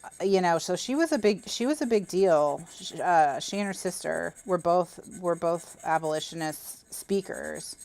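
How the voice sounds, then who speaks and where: A woman's voice: lowish voice, lively intonation, normal speed, a little mellow. A woman hosting a live crafting stream, chatting casually and rambling with lots of fillers and restarts. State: has the hiccups. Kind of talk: casual chat while crafting.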